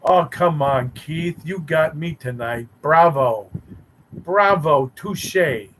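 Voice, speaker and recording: A man's voice: on the high side, slow, fairly bright tone, slight background noise, poor audio. Teasing man hosting a live stream. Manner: teasing, sarcastic banter with chat viewers. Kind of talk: casual live-stream chat.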